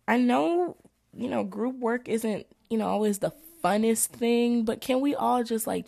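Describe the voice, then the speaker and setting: A young woman, a college student reading through her notes in an animated, profane, exasperated rant. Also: mid-range voice. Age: young adult.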